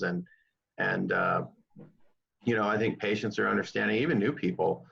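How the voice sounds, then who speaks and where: An easygoing man chatting on a video call in a relaxed, laid-back way. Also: fairly low pitch, moderate pace, gravelly. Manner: relaxed, easygoing, laughs easily. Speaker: acupuncturist and coach. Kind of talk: casual chat on a video call. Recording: dull lo-fi video call audio.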